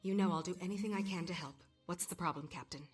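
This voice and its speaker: A woman's voice: on the low side, quick pace, lightly acted. An earnest, dutiful heroine from a video game, voiced by a woman. She sounds eager and sincere. Light music plays behind her. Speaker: player hero in a game cutscene. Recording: game audio with background music.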